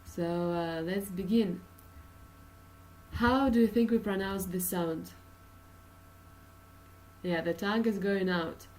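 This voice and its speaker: A woman's voice: medium pitch, fairly even intonation, slow, long pauses, darkish tone, far from the mic, rough recording. A woman from Russia with a Russian accent, teaching an English pronunciation lesson with many uh and um fillers and patient explanations.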